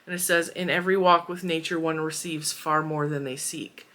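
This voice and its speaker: A woman's voice: deep voice, steady tone, moderate pace, fairly bright tone. A woman in her forties hosting a crochet channel, chatting casually and emotionally as she opens mail, with giggles and fillers. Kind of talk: casual chat unboxing mail.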